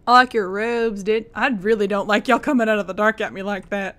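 A young woman streams a game, chatting casually and giggling while talking to the characters and her chat. She speaks fairly quickly in a medium-pitched, fairly bright voice with a steady tone.

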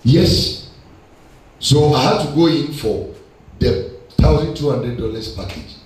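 A man's voice: mid-range voice, takes it slowly, pauses often, faint music behind. A man with a Ghanaian accent preaching a sermon, mixing Twi and English. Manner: switches between Twi and English, animated preaching. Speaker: pastor. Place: church hall. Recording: echoey church hall from far off.

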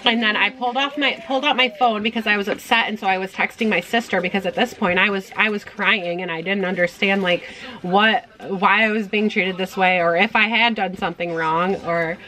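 A woman's voice: medium pitch, fairly even intonation, fairly quick, bright, forceful tone, rough recording. A young woman telling a personal story in a casual vlog, chatty, with many ums and restarts. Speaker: vlogger mom.

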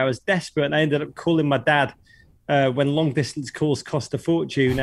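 A man's voice: a little high, dry recording. A middle-aged man from England with a Liverpool accent, a guest in a casual radio interview who talks in a hyperbolic, exuberant way. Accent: Liverpool English. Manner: exuberant, self-described hyperbolic talker.

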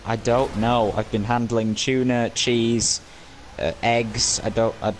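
A man's voice: mid-range voice, level tone, takes it slowly, a little hiss or hum. A young British man in casual voice chat while gaming, telling a rambling story. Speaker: gamer.

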